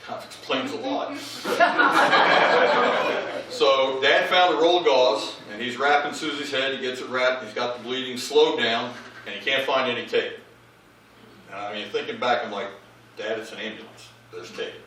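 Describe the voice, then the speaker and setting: A man delivers a funny eulogy for his father, acting out the lines of each story. His voice is bright and forceful. It rings through a big echoey hall, heard from well back from the mic. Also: mid-range voice, moderate pace, recorded from a distance, a little hiss or hum. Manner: animated comic anecdotes, acting out quoted lines. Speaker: eulogist, child of the deceased. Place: large memorial service hall.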